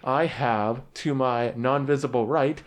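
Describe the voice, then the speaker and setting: A young man narrating a tabletop game as game master on a podcast, measured and relaxed, with small restarts. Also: medium pitch, background noise. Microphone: podcast mic at a table.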